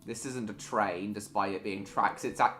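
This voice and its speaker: A man's voice: lowish voice, steady tone, normal speed, sharp tone, soft background music. A man hosting a casual gaming live stream, chatting playfully with his viewers. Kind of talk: casual chat while gaming.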